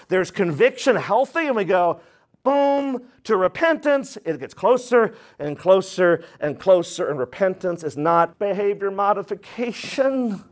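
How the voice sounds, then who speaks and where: A man with a high-pitched voice preaches a sermon. His delivery is emphatic and dramatic, and he acts out the voices of the people he quotes. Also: expressive, a little slow. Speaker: pastor.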